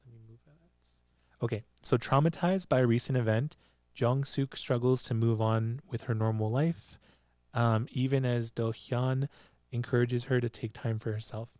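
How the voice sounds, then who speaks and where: A man hosting a podcast, recapping a TV drama in a casual, animated way and laughing often as he talks. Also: medium pitch, normal speed, dry recording, clean studio sound. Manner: giggly, animated storytelling with frequent laughs. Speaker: podcast host. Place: small studio with a producer present.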